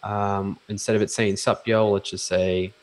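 Low-voiced man giving coding instructions. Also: normal speed. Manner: relaxed, dry joking, gives instructions. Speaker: co-host guiding the demo. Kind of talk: casual live coding chat.

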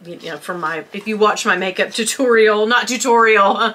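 A woman's voice: medium pitch, steady tone, moderate pace, hardly any pauses, sharp tone. A woman, chatting casually to her viewers from home in a self-deprecating way as she opens advent calendars. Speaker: vlogger. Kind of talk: casual vlog chat. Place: at home, indoors.

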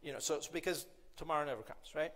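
A man's voice: on the high side, fairly even intonation, fast, a bit bright. A man giving a conversational, playful motivational keynote at a conference, often asking the audience questions. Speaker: keynote speaker.

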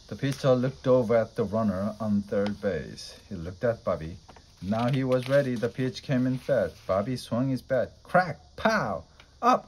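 A man reading a children's story aloud in a steady, plain way. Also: mid-range voice, low-quality recording. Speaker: storybook reader.

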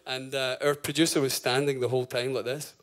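Male band frontman, 30s, mid-pitched, loose stage patter full of "um" and "like", casual cursing. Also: level tone, fairly quick. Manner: chatty, full of fillers, swears and laughs. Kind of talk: rambling stage banter between songs. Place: live concert venue.

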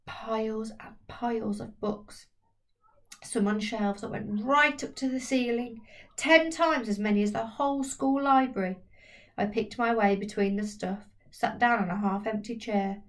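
A woman narrating a children's novel aloud in a steady, lightly expressive reading voice. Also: a little high, measured pace, far from the mic. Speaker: audiobook reader. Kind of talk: storybook narration.

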